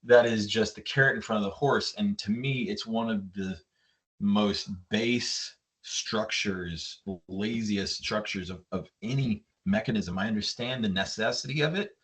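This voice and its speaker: A man's voice: on the low side, measured pace, fairly bright tone. A man, a yacht designer, talking reflectively as an interview guest and retelling a story at length. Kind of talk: conversational interview.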